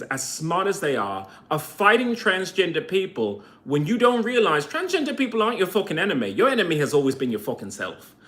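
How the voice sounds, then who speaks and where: A man's voice: fairly high pitch, a bit bright. A man vlogging a heated, profane rant to camera, full of sarcastic rhetorical questions. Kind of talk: ranting monologue to camera.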